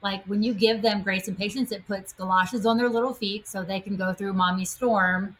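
A woman co-hosting a podcast speaks with animated energy, drawing her point out into a long picture. Her voice sits in an everyday middle range, with a faint bed of noise behind it. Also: mid-range voice, normal speed, poor audio. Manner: animated, fond of extended metaphors. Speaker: podcast co-host. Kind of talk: casual podcast conversation.

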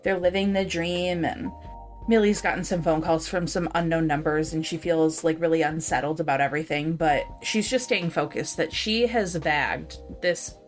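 A woman with a fairly low voice retells a novel's plot for a podcast. She is candid and animated, with the odd curse word. Faint music sits behind her. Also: normal speed. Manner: candid, animated storytelling with swearing. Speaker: podcast co-host. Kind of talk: casual book discussion.

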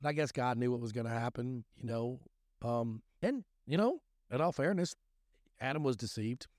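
A man's voice: medium pitch, expressive, moderate pace, a little mellow, no echo, studio quality. A man giving a rambling, folksy talk on scripture and recovery, full of restarts and fillers. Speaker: recovery podcast host.

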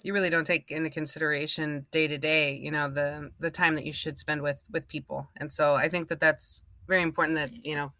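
A woman's voice: low-pitched, flat delivery, brisk, hardly any pauses, bright, forceful tone, no echo, clean studio sound. A woman in her thirties co-hosting a podcast, laid-back and laughing a lot in casual chat. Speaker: podcast co-host.

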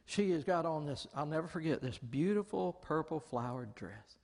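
A man preaching a lively storytelling sermon in a large church hall, exclaiming often and acting out the people he quotes. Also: on the high side, moderate pace, creaky. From Southern United States. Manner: animated, exclaims often, acts out quoted voices. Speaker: pastor. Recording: long hall reverb.

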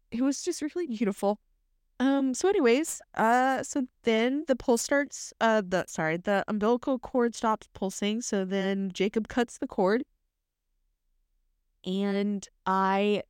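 Young woman host, chatty solo storyteller, candid, clear voice, dry close sound. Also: medium pitch, a little mellow, no room sound. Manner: chatty, candid, many ums and likes. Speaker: podcast host.

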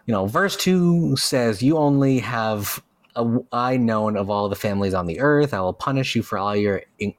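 A man co-hosting a casual podcast about a rap album, animated and prone to swearing and mocking put-on voices while he rants. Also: lowish voice, no echo. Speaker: podcast co-host.

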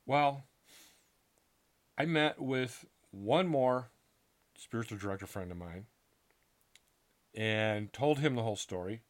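A middle-aged man earnestly recounting a personal story in a casual, halting way, acting out what people said to him. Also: mid-range voice, animated. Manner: earnest, halting, with restarts and acted-out quotes. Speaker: author telling his story.

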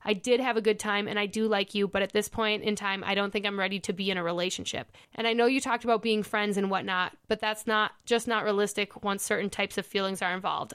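A woman's voice: mid-range voice, fairly bright tone, clear, resonant tone. A young woman hosting a podcast, telling a personal story in a chatty way with lots of "like" and acted-out quotes. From Minnesota. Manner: chatty, many "like" fillers, acts out quoted lines. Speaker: podcast host. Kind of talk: casual storytelling chat.

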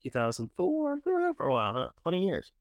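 A man hosting a casual commentary show, talking with a lively voice that swings from loud enthusiasm to mumbled asides. His tone is chatty and sarcastic. The recording is dry and close, with no room sound. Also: sits high, fast talker, dry recording, highs cut off. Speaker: show host reviewing candidates.

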